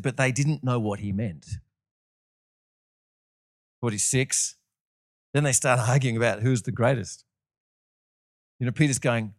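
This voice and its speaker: A man's voice: medium pitch, dry recording, clean studio sound. A man preaching a sermon, telling stories and acting out the voices of the people in them. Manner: animated storytelling with acted-out voices.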